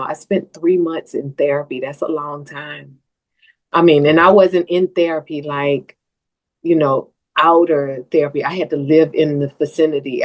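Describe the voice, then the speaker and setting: A woman guest on a podcast, telling a personal story in an earnest way that turns tearful at times. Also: sits low. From Southern US.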